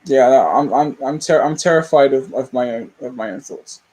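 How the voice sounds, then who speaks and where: A man's voice: mid-range voice, normal speed, a little mellow, rough recording. A young man, rambling candidly and self-deprecatingly as a movie channel host in a casual livestream chat.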